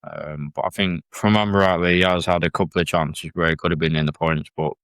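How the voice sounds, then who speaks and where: A man's voice: low-pitched, steady tone, quick pace, a bit bright, clear, resonant tone, dry recording. A man talking as a guest on a casual podcast, plain-spoken and a little hesitant. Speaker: guest presenter.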